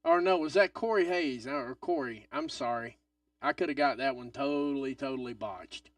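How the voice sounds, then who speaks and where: A man hosting a live wrestling watch-along stream, excitable and swearing, swinging from loud outbursts to mutters. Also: mid-range voice, moderate pace, no echo, far from the mic.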